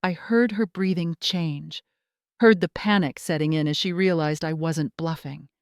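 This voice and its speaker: An older woman giving a steady, earnest first-person story narration that speaks straight to the listener. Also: deep voice, a little slow, clean tone, dry recording, studio quality.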